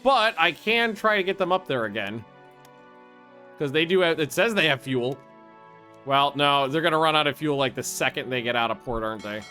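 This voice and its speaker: A man casually commenting on his own strategy game play, excitable, swearing freely and thinking aloud with restarts. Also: fairly high pitch, normal speed, soft background music. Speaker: gaming video host.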